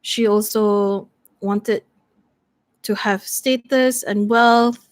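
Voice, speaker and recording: A woman's voice: medium pitch, fairly even intonation, extremely slow. A woman playing through a solo tabletop story game, thinking aloud hesitantly as she reads tarot cards.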